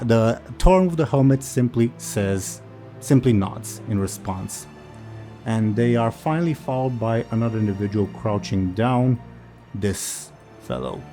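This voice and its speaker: A man narrates a tabletop game as game master, slowly and haltingly, pausing on fillers. His voice is low and warm, with faint music behind him.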